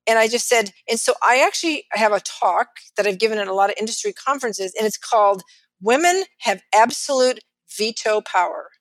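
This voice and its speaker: A middle-aged financial advisor with a Texan accent, telling stories lively in an interview and acting out the people she quotes. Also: on the high side, brisk, no echo. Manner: animated, acts out quotes of others. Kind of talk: storytelling in a podcast interview.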